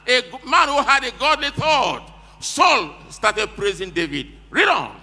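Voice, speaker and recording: A man's voice: extremely high pitch, big pitch swings, measured pace, pushed and bright. A man preaching a sermon, emphatically retelling each verse in plain words and urging the reader to go on, in a church with long echoes. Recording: echoey hall with long reverb.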